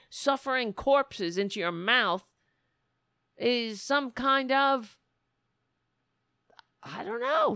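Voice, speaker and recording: Woman host ranting, swears a lot, slow drawl, gravelly fry. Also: a little high, a bit bright, no room sound, clean studio sound. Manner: sarcastic, profane, exasperated. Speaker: show host. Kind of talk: casual ranting monologue.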